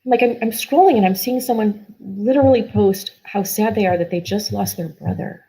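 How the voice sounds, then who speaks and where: A woman's voice: mid-range voice, brisk, vocal fry, warm tone, husky, rough recording. A middle-aged woman guest telling a personal story in an earnest, emotional way, often restarting her sentences.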